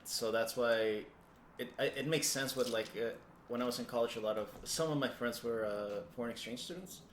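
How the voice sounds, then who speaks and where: A man's voice: mid-range voice, a little fast. A man hosting a podcast, talking in a laid-back, casual way and telling stories with plenty of swearing. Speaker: podcast host. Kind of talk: casual chat. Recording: roomy with faint background noise.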